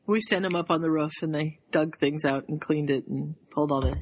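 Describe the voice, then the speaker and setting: A woman co-hosting a podcast over an online call tells stories in a casual, animated way and laughs often. Her voice sits slightly low for a woman. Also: brisk, husky. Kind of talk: casual chat.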